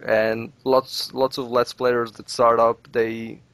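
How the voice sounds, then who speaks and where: A man's voice: mid-range voice, flat delivery, slow, a bit bright, dry recording. A man whose first language is Russian, chatting casually on a podcast as a guest, rambling and repeating words as he talks. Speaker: let's play creator, guest.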